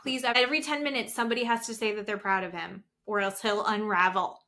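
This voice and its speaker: A woman's voice: medium pitch, steady tone, fast, sharp tone. A woman in her thirties co-hosting a podcast, recapping reality TV in gossipy casual chat. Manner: gossipy, acts out quotes with voices. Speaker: podcast co-host.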